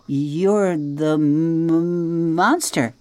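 A woman doing a nervous little female opossum, storybook, lifted higher, lively up and down, dry close sound. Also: measured pace, dry recording. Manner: gasping, fretful, higher voice than her narration. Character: nervous chatty female opossum, small and timid. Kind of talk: audiobook character voice.

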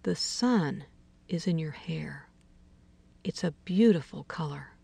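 A woman voicing a stingy, scheming man in a story reading, speaking low and often in a hushed murmur. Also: expressive, slow pace, vocal fry, breathy edge, exaggerated voice.

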